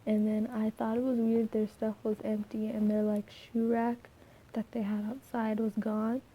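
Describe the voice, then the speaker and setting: A soft-spoken young woman with a slightly scratchy voice, rambling through a casual vlog with many fillers and restarts. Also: a little high, level tone, measured pace, slightly rough. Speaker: vlogger.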